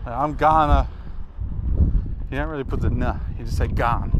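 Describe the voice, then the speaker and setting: Standing outside in a built-up area with traffic plainly audible, a young Australian man chats loosely while rating player names, trying each one aloud and laughing at himself. He talks at normal speed with long pauses, his pitch sitting in an ordinary middle range.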